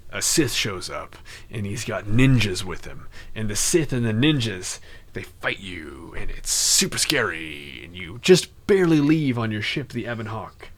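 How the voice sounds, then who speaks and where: A man's voice: lowish voice, sing-song, measured pace. A young man hosting casual game commentary, chatty and rambling, who often jumps into mock voices. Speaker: gaming channel host.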